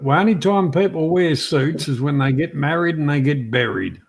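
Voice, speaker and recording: A man's voice: on the high side, animated, moderate pace, breathy edge. An Australian man in a casual podcast chat, laid-back and full of slang.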